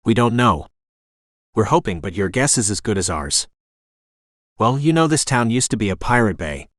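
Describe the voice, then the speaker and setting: A man voicing a brisk older Jamaican-accented innkeeper woman. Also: fairly low pitch, very animated, fairly bright tone, dry recording, studio quality. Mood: chatty. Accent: faint Jamaican.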